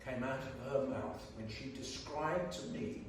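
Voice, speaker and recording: A man's voice: medium pitch, unhurried, far from the mic, a little hiss or hum. Emphatic man speaking in an echoey church hall. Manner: emphatic, blunt, jokey public speaking. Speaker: guest panellist. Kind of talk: speech to a community meeting.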